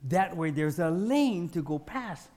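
High-voiced man teaching with humor. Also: a little slow. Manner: animated, acts out everyday scenes with humor; self-deprecating, speaks in short phrases. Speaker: teacher giving a talk. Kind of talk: informal spiritual teaching.

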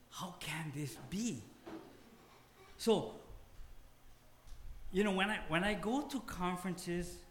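A man's voice: fairly high pitch, fairly bright tone. Male pastor, Hawaiian Pidgin accent, light voice, emphatic storyteller, echoey room with a faint hum. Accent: Hawaiian Pidgin English. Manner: humorous, self-deprecating, emphatic storytelling. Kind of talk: sermon. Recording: roomy hall with faint ambience.

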